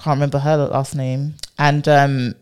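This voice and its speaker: A woman co-hosting a podcast in casual, emphatic chat, quick to laugh. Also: extremely low pitch, little pitch movement, darkish tone, clean tone. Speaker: podcast co-host.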